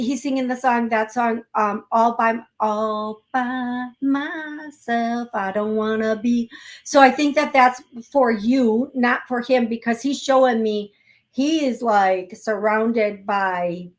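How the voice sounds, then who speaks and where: A woman hosting a call-in show, giving a psychic reading in a gentle, chatty way and spelling words out letter by letter. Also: fairly high pitch. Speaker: psychic medium host.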